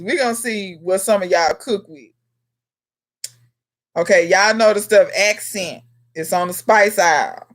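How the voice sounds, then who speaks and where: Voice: medium pitch, takes it slowly, pauses often, fairly bright tone. Chatty gardener hosting a live Q&A. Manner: chatty, talks straight to viewers by name, scolding in a teasing way. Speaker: livestream host and home gardener. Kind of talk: casual live Q&A chat with viewers.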